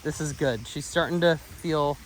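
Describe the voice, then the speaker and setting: A man's voice: a little slow, a little hiss or hum. A man working as a dog trainer, coaching an owner outdoors in an upbeat way, laughing often. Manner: upbeat, laughs often, breaks into high excited praise for the dogs. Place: outdoors near a pond.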